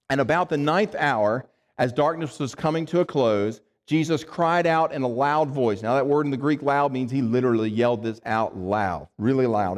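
A man preaching a sermon, reading scripture slowly and dropping his voice low to stress key words. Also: a little mellow, long reverb tail. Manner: reads scripture slowly, then drops low for emphasis.

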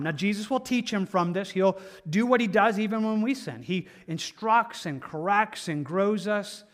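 Animated man preaching a sermon. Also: high voice, normal speed. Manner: animated, swings between loud emphatic and soft hushed. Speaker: pastor.

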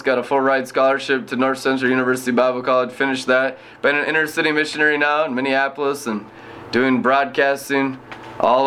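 Missionary man in his thirties, bright forceful voice, lively storytelling testimony. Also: medium pitch, slight background noise. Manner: animated, laughs often while telling his story. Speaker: inner-city missionary and broadcaster. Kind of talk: personal faith testimony.

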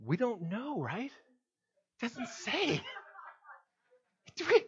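A male pastor delivers a sermon with lively, animated preaching. He swings between loud emphasis and near-hushed asides and keeps turning to the congregation with questions. The recording sounds a bit dull and muffled. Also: slow pace, long pauses, breathy edge. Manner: animated preaching with wide swings in pitch and loudness; asks the congregation questions directly.

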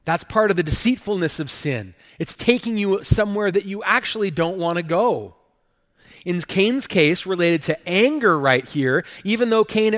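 A man's voice: on the high side, a bit bright, long reverb tail. Emphatic male pastor preaching a sermon. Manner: emphatic, with rhetorical questions and tag "right?".

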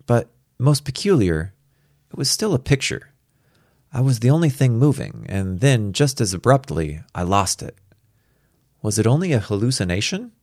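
A man narrating a first-person story aloud in a measured, even way. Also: on the low side, no room sound, clean studio sound. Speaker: audiobook narrator.

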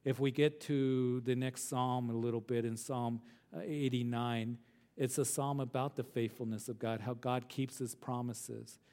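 A man's voice: mid-range voice, flat delivery, a little slow, darkish tone. A man, a pastor, giving an earnest verse-by-verse Bible teaching, reading scripture aloud and asking his listeners tag questions. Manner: earnest, asks the listeners tag questions, repeats words when restarting; reads scripture passages aloud.

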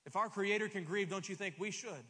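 High-voiced man preaching in a reverberant hall. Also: fairly quick, breathy edge. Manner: emphatic, repeats words when starting phrases, swings loud and soft. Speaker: pastor. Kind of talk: sermon.

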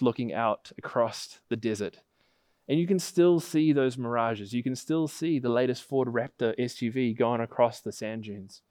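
A man's voice: mid-range voice, a little mellow, clean tone, no echo, studio quality. A man preaching a sermon, telling a vivid illustrative story that builds in intensity.

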